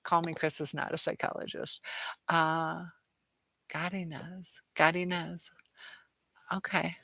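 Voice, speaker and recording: A woman's voice: low voice, little pitch movement, a little slow, gravelly, pushed and bright, no room sound. A tired woman hosting a live chat, reading viewer comments aloud and hesitating often. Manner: hesitant, many fillers and restarts. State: tired and dizzy.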